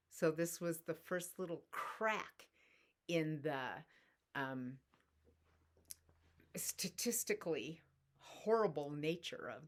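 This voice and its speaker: A middle-aged woman telling a personal story in a soft-spoken, reflective spiritual talk. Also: deep voice. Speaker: spiritual teacher.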